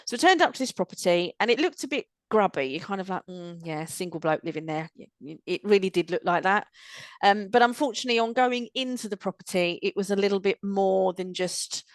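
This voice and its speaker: Female host, mid pitch, dry recording, relaxed matter-of-fact narrator. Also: a little fast, dry recording. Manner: matter-of-fact storyteller with fillers. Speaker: host, property professional. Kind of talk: casual anecdote telling.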